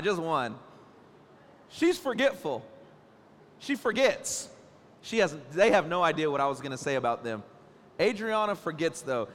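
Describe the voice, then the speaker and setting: A man in his thirties preaching a sermon in church, joking and telling stories about his family. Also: a little high. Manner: playful, joking, animated storytelling. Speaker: pastor. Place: church stage. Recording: church hall reverb.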